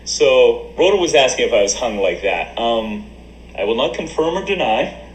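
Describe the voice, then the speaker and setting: A man's voice: medium pitch, very animated, normal speed, roomy sound, slight background noise, rough recording. A man livestreaming and reading chat aloud, joking crudely and laughing often into a desk mic. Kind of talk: casual stream banter. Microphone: desk USB mic.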